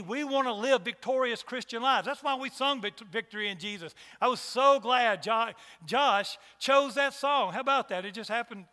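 A man's voice: extremely high pitch, bright, forceful tone, big-room sound. A man preaching a sermon to a church congregation, emphatic and repeating his rhetorical questions. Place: church hall.

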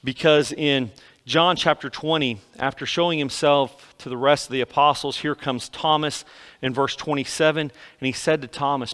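A man preaching a sermon to his congregation, swinging from loud emphasis to hushed, quiet lines. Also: on the high side, steady tone, moderate pace. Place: church sanctuary.

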